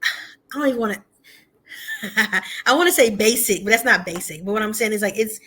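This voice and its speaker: A woman's voice: medium pitch, moderate pace, sharp tone, breathy edge. A woman co-hosting a casual talk show about dating, candid and chatty, often adding fillers and asides. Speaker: podcast co-host. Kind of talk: casual chat.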